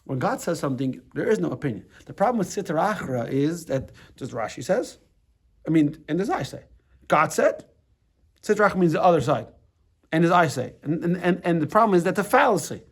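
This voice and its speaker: His voice is fairly high, husky, and sing-song, moving at a fairly quick pace. He's a middle-aged American rabbi giving a casual class, speaking conversationally with repeated words, restarted sentences, and frequent "right?" questions to the room.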